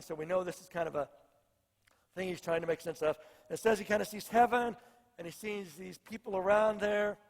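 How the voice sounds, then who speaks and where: A man's voice: high voice, long reverb tail. A male pastor preaching a sermon, earnest and repeating phrases for emphasis.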